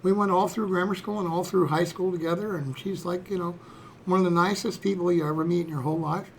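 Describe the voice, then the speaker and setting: A man's voice: sits high, fairly even intonation, quick pace, slight background noise. A man in his sixties, a streamer telling a personal story in a rambling, folksy way, dropping "you know" and "okay" throughout. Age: 60s.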